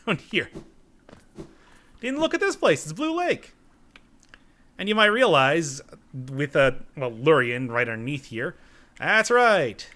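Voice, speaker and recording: A man's voice: a little high, sharp tone, slight background noise. A man giving casual, joking commentary while playing a video game, often talking back to the game's characters. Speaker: gaming let's-player.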